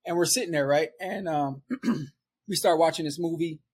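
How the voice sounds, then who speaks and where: A man from Milwaukee telling a story in casual street slang, animated and often laughing. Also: fairly high pitch, moderate pace. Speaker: storyteller guest.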